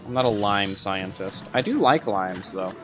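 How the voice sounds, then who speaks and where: A man's voice: lowish voice, lively intonation, normal speed, over music. A man giving gameplay commentary, muttering sarcastic asides to himself and breaking into frustrated outbursts. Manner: sarcastic, rambling self-talk while playing. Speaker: gaming video creator.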